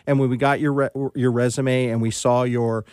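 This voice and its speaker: A man's voice: medium pitch, flat delivery, moderate pace, darkish tone, clear, resonant tone, no echo. A man, a Girl Scouts council chief executive, giving an earnest, ceremonial award speech in a radio studio. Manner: earnest, ceremonial, repeating words.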